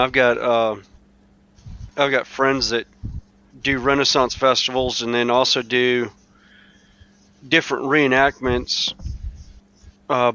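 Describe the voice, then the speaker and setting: A man's voice: mid-range voice, sharp tone, smooth, lo-fi sound. A man from the Carolinas with a Southern US accent tells rambling stories full of fillers and restarts in a casual group voice chat. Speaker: chat participant. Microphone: online voice chat mic.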